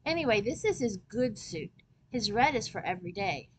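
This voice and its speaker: A woman's voice: medium pitch, big pitch swings, moderate pace, slight background noise, natural voice. A woman voicing a stubborn little boy in a storybook read-aloud, firm and matter-of-fact. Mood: insistent. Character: stubborn little boy, dreamy and sure of himself.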